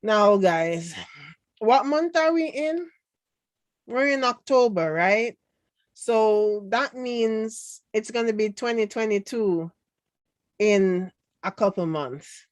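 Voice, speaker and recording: A woman's voice: on the high side, animated, takes it slowly, pauses often, dry recording. A Jamaican woman with a light accent, casually chatting and reading viewer comments in a sarcastic, laughing way. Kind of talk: casual chat.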